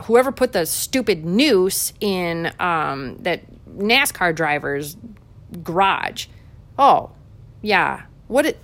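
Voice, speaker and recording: A woman's voice: medium pitch, a bit bright. A woman giving a heated political commentary monologue, fiery, combative and sarcastic.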